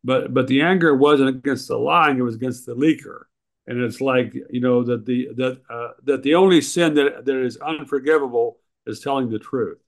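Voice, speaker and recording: A man's voice: mid-range voice, normal speed. A man, a writer and regular co-host, talking politics casually with frequent ums and uhs. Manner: hesitant, many ums and uhs, critical.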